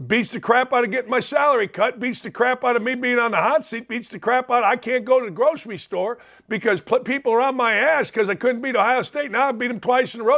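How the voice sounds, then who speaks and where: A man's voice: extremely high pitch, fast talker, few pauses, a bit bright. A middle-aged man hosting a sports talk show, giving a blunt, fired-up monologue full of mocking asides.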